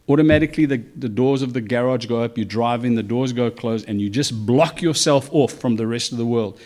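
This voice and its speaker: A man preaching a conversational sermon, animated, with acted asides. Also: medium pitch. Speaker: pastor.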